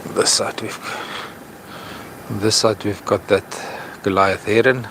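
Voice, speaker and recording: Low-voiced South African man outdoors. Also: fairly even intonation, creaky, noisy background. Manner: earnest, impassioned, slow when stressing points. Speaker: vlogger. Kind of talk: outdoor vlog commentary. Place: outdoors by a river estuary.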